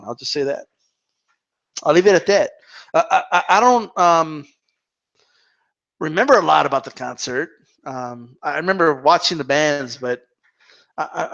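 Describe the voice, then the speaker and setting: A man with a high voice hosts a casual live Q&A stream. He rambles loosely and swears freely, and the sound is dull and lo-fi. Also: a bit bright. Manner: rambling and profane.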